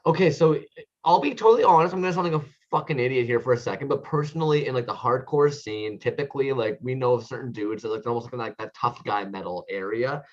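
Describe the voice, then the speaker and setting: A man co-hosting a casual video-call chat show, telling stories in a rambling, animated way with lots of "like". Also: medium pitch, quick pace, lo-fi sound. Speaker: podcast co-host.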